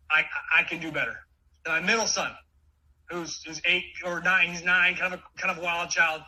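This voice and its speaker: A man in his forties giving an energetic motivational talk, with many quick restarts. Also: a little high, husky, rough recording. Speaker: keynote speaker.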